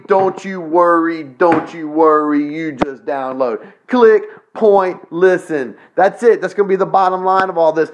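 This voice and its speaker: A man's voice: a little high, noisy background. A man rambling, crude podcast host. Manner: crude, profane, joking, excitable. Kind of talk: rambling solo podcast monologue.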